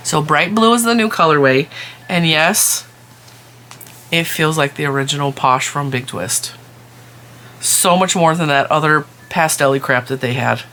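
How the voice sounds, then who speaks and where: A woman's voice: low-pitched, measured pace, pauses often, fairly bright tone, slight background noise. Chatty woman gushing over yarn. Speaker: crochet and yarn vlogger. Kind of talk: casual show-and-tell vlog.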